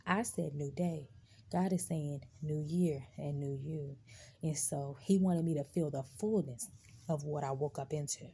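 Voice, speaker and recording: Gravelly, dark-voiced woman giving testimony. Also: sits low, normal speed, a little hiss or hum. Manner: emphatic, conversational, addresses viewers directly. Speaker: live-stream host sharing faith testimony. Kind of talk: casual live-stream testimony.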